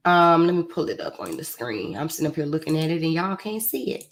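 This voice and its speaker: A woman's voice: low voice, sing-song, a little fast, faint music behind. Chatty woman hosting a live stream. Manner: chatty and playful, calls viewers "y'all". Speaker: YouTuber hosting her own live stream. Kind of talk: casual chat to viewers.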